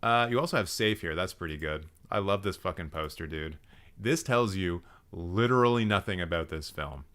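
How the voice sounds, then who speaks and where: A young man hosts a live stream and rants in cheerful mock outrage, swearing freely. His voice sits on the low side but sounds bright, and its pitch leaps up and down. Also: moderate pace. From Canada. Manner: animated, profane, mock-outraged ranting. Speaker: livestream host roasting viewers' film profiles.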